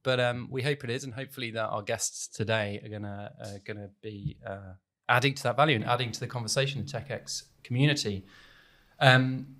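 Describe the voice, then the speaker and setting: A man's voice: medium pitch, fairly even intonation, a little fast, fairly bright tone. A man hosting a casual podcast chat in a studio, talking in a rambling way with many fillers and restarts. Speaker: podcast host. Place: recording studio on the island of Jersey.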